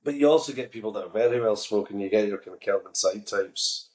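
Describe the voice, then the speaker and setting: Low-voiced Scottish actor guest. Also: male voice, fast talker, a little mellow, echoey room. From Scotland. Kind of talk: casual interview chat.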